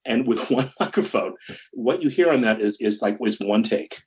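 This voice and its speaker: A man recounts studio mishaps in a loose, chatty interview. He talks in bursts, restarts sentences, laughs along with his own stories and hums drum patterns out loud. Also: mid-range voice, normal speed. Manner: animated, laughing, hums rhythms, many restarts. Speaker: musician guest. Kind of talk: casual storytelling interview.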